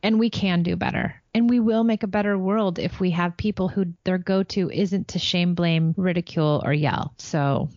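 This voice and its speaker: A woman's voice: lowish voice, moderate pace, hardly any pauses, a little mellow, no room sound. A woman co-hosting a casual podcast chat about parenting, talking in an earnest, encouraging and reflective way. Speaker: podcast co-host, parent coach. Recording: dull, slightly lo-fi dry sound.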